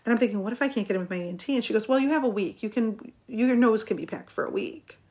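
Woman, middle-aged, vlogger, casual storytelling, animated and chatty, laughs as she talks. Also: fairly high pitch, fast.

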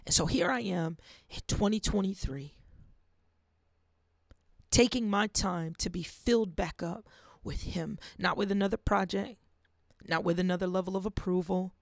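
A woman hosting a faith podcast, preaching earnestly and dropping to a hush for emphasis. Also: lowish voice, a little slow, creaky, no room sound, studio quality. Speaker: podcast host. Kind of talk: faith-based podcast monologue.

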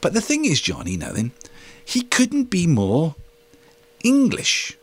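A man's voice: on the high side, slow, breathy edge, no room sound. A man hosting a podcast, chatting casually and telling stories with enthusiasm. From Wales. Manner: animated, enthusiastic storyteller. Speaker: podcast host. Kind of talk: casual chat.

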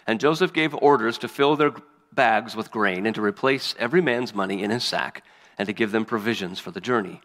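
A man's voice: fairly low pitch, fairly quick, fairly bright tone. A man reading scripture aloud and preaching as a pastor, earnest and emphatic. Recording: long hall reverb.

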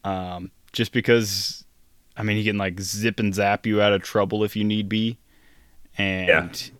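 A man co-hosting a casual podcast, answering questions with dry, deadpan humor. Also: on the low side, a little slow, smooth, no echo. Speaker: podcast co-host. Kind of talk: casual chat.

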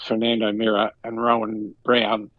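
A man's voice: lowish voice, monotone, normal speed, narrow, tinny audio. Man telling rambling stories. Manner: rambling anecdotes, acts out quoted voices. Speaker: guest. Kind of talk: casual storytelling chat.

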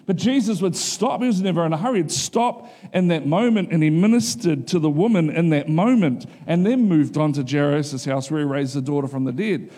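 A man's voice: a little fast, hardly any pauses. A middle-aged male pastor preaching a sermon in a casual, conversational way, often asking the congregation if they are following him. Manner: acts out quotes in a higher animated voice.

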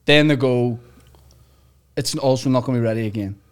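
A man's voice: mid-range voice, smooth. A man, a comedian guest trading jokes in casual podcast banter. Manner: jokey, quick asides, laughs a lot. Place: podcast studio.

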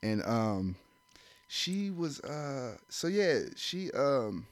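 A man's voice: mid-range voice, sing-song, drawn-out words, no echo. A young man in casual chat, telling a loose, slangy story with plenty of profanity. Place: indoor room.

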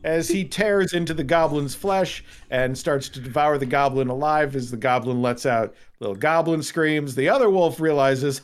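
A man narrating as game master of a tabletop role-playing game, telling the scene vividly with sudden jumps in pitch. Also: moderate pace, hardly any pauses, clear, resonant tone.

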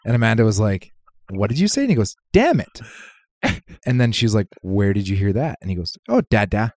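A man co-hosting a podcast, telling relaxed anecdotes in casual chat. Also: on the low side, fast talker, no room sound. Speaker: podcast co-host.

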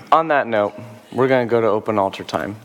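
A man preaching as a pastor, talking in a loose, conversational way with rhetorical questions and fillers, his voice rough from a sore throat. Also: fairly low pitch, moderate pace, fairly bright tone, big-room sound, faint music behind. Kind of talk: sermon with altar call. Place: church service.

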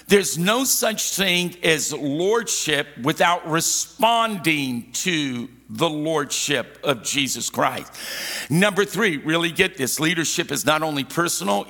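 Pastor guy preaching, bright forceful voice, kinda high, long hall reverb. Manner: emphatic, repeats key phrases, asks congregation to respond. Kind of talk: sermon.

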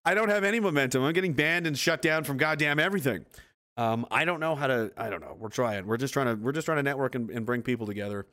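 A man's voice: mid-range voice, animated, fast, a bit bright. Rambling, profane man livestreaming. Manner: rambling, profane, laughs often. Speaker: livestream host reading chat. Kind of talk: casual livestream chat.

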